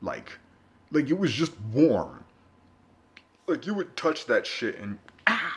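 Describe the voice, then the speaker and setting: Animated, profane young man rambling. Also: medium pitch, takes it slowly. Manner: profane, rambling, laid-back with sudden loud bursts. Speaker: vlogger. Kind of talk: casual rambling storytelling monologue.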